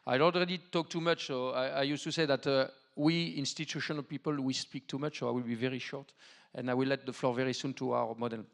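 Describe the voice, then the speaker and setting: A man with a French accent and a gravelly edge delivers a formal welcome from a stage. He speaks earnestly but haltingly, stopping often on fillers and restarts as he searches for words. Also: medium pitch, steady tone. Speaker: sports federation president. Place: large hall stage.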